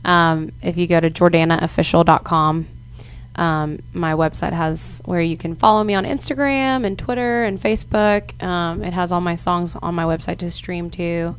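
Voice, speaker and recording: A woman's voice: lowish voice, fairly even intonation, normal speed, clear, resonant tone. A young woman singer-songwriter, guesting on a radio show and speaking in a friendly, encouraging way. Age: young adult. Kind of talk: casual radio interview. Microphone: studio microphone.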